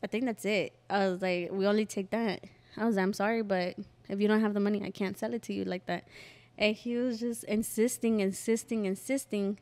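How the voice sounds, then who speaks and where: A woman's voice: medium pitch, steady tone, fairly quick, darkish tone. A young woman hosting a podcast, telling a story in casual chat, acting out the quotes and swearing freely. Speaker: podcast host.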